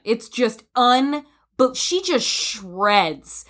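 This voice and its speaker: Animated woman chatting about film. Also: normal speed. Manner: animated, acts out quoted lines with big pitch swings. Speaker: podcast co-host. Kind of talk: casual film discussion.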